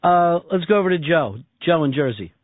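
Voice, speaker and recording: A man's voice: a little high, animated. A man hosting a call-in radio show in casual, profane, joking banter. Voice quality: laughing, profane, rapid-fire. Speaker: talk radio host. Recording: dry, tinny broadcast audio.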